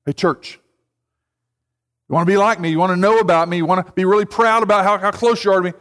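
A man with a high voice preaches to his congregation in a loose, conversational way, slipping into quoted voices along the way. His words ring out with a long reverb from the church hall. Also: steady tone, fast, long pauses, a bit bright, clean tone. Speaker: pastor. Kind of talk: sermon. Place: church sanctuary.

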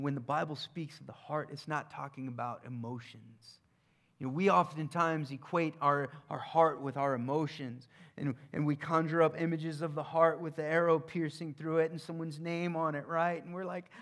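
A male preacher delivers a sermon in a relaxed, conversational way. His voice sits a little high for a man. He moves between emphatic points and soft, hushed passages. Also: moderate pace.

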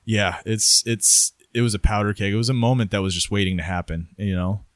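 A man co-hosting a casual history podcast, joking and telling stories in an animated way. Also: fairly low pitch, brisk, dry recording, studio quality. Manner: jokey, animated storyteller.

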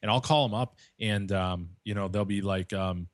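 A man's voice: lowish voice, normal speed, no echo, studio quality. A man telling profane stories in a casual chat, laughing as he goes. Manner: profane storytelling, laughs mid-sentence.

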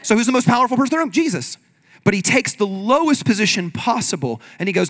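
Man, pastor, conversational sermon, high pitch, bright tone. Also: fast talker. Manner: energetic, conversational preaching with call-and-response.

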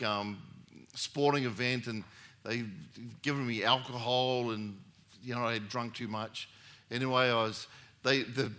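Bright-voiced male pastor preaching. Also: medium pitch. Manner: conversational storytelling with rising emphatic peaks. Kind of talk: sermon.

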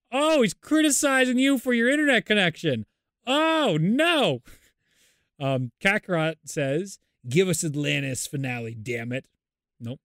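A man co-hosts a podcast in loose, casual chat, with a fairly high voice. He rambles and laughs often, and the sound is dry and close to the mic. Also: a bit bright, no echo. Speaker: podcast co-host.

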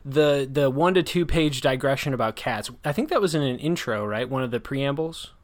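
With a mid-range, expressive voice at normal speed, this American podcast host leads a relaxed book discussion. His commentary is critical and rambling, full of hedges and sentences he starts over.

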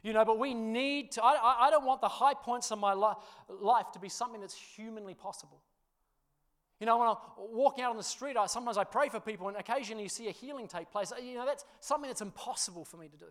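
A man preaching, telling a funny personal story with laughter before turning to a quieter sermon. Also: very high voice, fast. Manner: animated storyteller, laughs through the tale, drops quiet for scripture. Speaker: pastor.

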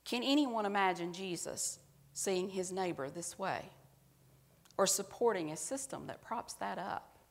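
A woman's voice: medium pitch, animated, unhurried, gravelly, long reverb tail. A woman pastor giving a sermon, speaking to the congregation in a conversational, self-mocking way.

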